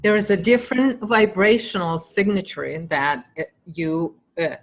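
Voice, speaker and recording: A woman interviewing, speaking thoughtfully and haltingly with fillers. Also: fairly low pitch. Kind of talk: casual interview chat.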